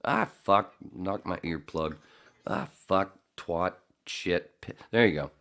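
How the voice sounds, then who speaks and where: A man's voice: low-pitched, slow, creaky, a bit bright. A man hosting a podcast in casual chat, joking and rambling and swearing often. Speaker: podcast host.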